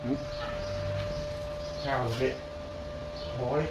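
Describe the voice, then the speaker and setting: A man's voice: medium pitch, steady tone, slow pace, heavy background noise. A man chatting casually to camera, muttering to his work as he welds in his garage. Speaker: garage vlogger welding a pickup. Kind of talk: casual workshop chat to camera.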